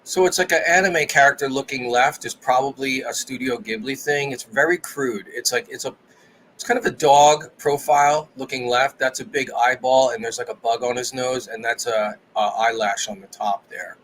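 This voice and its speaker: Bright-voiced animated podcast man. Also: mid-range voice, normal speed, slight background noise, poor audio. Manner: animated, profane, mocking impressions. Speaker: podcast co-host. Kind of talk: casual podcast banter.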